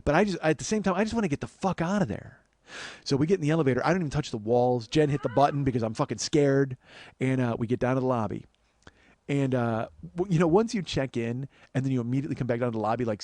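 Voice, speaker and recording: Animated, profane male comic storyteller. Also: fast, no room sound. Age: 40s. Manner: animated, heavy swearing, jumps between loud outbursts and low asides. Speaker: comedian and podcast host. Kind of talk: storytelling monologue.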